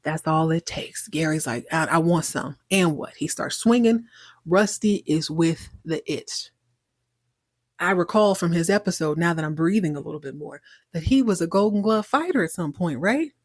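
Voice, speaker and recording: A woman hosting a podcast, animatedly recapping a TV episode in a casual, excitable way. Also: on the low side, normal speed, dry recording, studio quality. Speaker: podcast host.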